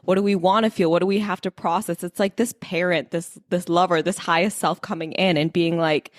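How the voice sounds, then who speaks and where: A woman co-hosting a spiritual podcast, chatting casually in a curious, animated way and swearing now and then. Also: lowish voice, moderate pace, few pauses, no room sound, clean studio sound. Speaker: podcast co-host.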